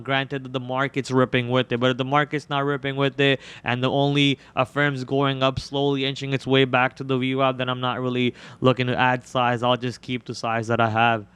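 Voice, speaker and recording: A man's voice: mid-range voice, a bit bright, clean tone, dry recording. A young man born in India hosting a live trading stream, rattling off tickers and prices in a casual way. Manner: rapid ticker-and-price calls, casual filler words. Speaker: day trader and live stream host.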